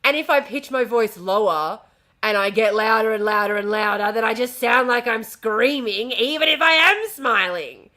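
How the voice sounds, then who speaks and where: Woman, Australian accent, casual home stream chat, speaks with a smile, bright. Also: on the high side, moderate pace. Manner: chatty, swears freely, speaks with a smile. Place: home room. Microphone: desk mic at home.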